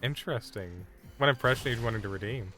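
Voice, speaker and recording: A man's voice: medium pitch, fast talker, bright, forceful tone, soft background music. A man streaming a game live, chatting casually and bluntly brushing off requests from chat. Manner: blunt, dismissive banter with chat.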